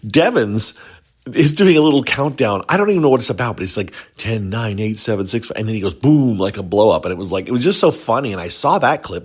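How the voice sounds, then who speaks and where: A man's voice: mid-range voice, breathy edge. A man hosting a casual reality show recap, rambling and chatty, lifting his voice whenever he quotes someone.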